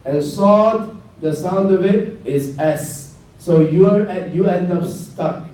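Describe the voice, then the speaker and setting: A man with a Northeastern US accent leads a classroom lesson, calling out letter names and drilling them for his students. His voice is mellow and a little higher than most men's, and he takes his time over each step. He is picked up from across a boomy, reverberant classroom. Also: slow. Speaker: imam teaching Arabic letters. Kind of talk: classroom lesson, slow and repetitive. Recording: echoey room picked up from a distance.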